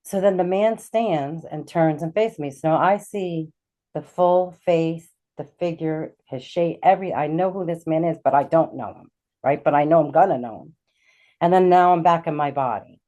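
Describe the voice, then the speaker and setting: A middle-aged woman with a low, mellow voice tells a personal story as a talk-show guest. She is animated and slips into the voices of the people she quotes. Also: normal speed, lo-fi sound. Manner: animated, acts out quoted dialogue. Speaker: guest, intuitive healer.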